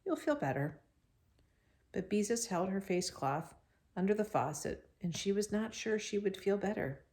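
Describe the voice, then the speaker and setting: Her reading of the chapter book is expressive, broken up by friendly little asides to the children listening. She keeps a moderate pace and a medium pitch.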